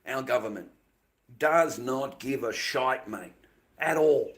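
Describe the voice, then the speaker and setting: A man's voice: medium pitch, slow, a bit bright. An Australian man ranting to his stream viewers, heated and profane, repeating himself often. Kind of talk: ranting livestream monologue.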